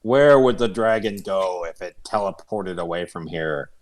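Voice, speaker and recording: A man's voice: low voice, expressive, normal speed. A man chatting as a player in a tabletop game, playful and given to mock-grand speeches. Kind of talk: casual tabletop game chat.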